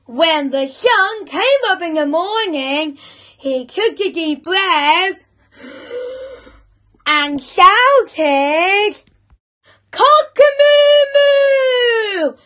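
A woman reading a picture book aloud to children, very slow and clearly paced. Her voice is high and bright, with lively swoops in pitch. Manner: slow, expressive read-aloud. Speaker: storyteller.

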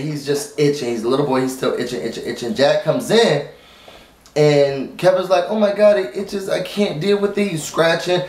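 A man talks through a TV episode in a loose, chatty way, speaking straight to his viewers. His voice sits a little high for a man. The sound bounces around a roomy space at home. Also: darkish tone. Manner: informal, addresses viewers as y'all; rambling with many fillers and restarts. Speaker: TV recap vlogger. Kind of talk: casual chatty recap. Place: at home, dog nearby.

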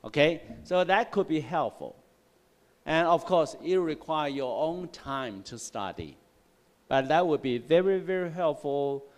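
A male English teacher giving a classroom lecture on word roots, explaining slowly and repeating himself, often checking with "right?" and "okay?". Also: fairly high pitch, expressive. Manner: slow, repetitive explaining with frequent "right?" and "okay?". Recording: long hall reverb in a classroom.

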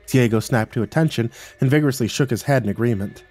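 A man's voice: mid-range voice, fast, hardly any pauses, a little mellow, soft background music. Man narrating a horror story.

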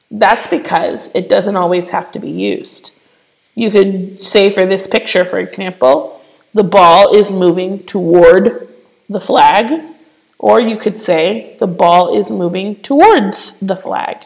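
A woman's voice: medium pitch, creaky, darkish tone, low-quality recording. A woman teaching English to children in an online lesson, explaining patiently with playful asides.

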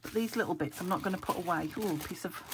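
A woman from England talks to herself over her craft papers. Her voice is low and gravelly, weak from a sore throat, and she often slips into a whisper. There is a noticeable hiss in the recording, and paper crinkles close by. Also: fast talker. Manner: chatty, thinking aloud, often dropping to a whisper. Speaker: craft vlogger. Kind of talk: casual chat while sorting craft papers. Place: craft room at home. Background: paper crinkling and clicks.

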